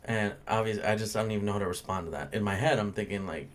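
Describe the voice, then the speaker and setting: A young man rants about his bartending shift in a loose, foul-mouthed podcast style, blunt and exasperated. His voice sits a little low. A faint hum of ambience runs under the recording. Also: very fast. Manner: blunt, ranting, swears freely. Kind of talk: casual profane storytelling.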